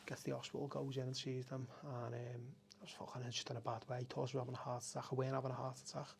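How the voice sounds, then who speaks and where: A middle-aged man talks openly as a podcast guest. His voice has a gravelly, fry-edged texture, and he speaks sits at an ordinary pitch for a man. He is raw and unguarded, swearing freely and stopping to restart his thoughts. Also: level tone, a little hiss or hum. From Liverpool, England. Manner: raw and emotional, frequent swearing, halting restarts. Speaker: café owner, podcast guest. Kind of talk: candid conversational storytelling.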